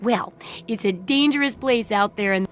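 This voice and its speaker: A woman's voice: medium pitch, moderate pace, fairly bright tone, close to an everyday voice. An actress playing a cheerful, eccentric female shopkeeper and tinkerer in a video game, talking in a bubbly, eager, chatty way. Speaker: game character.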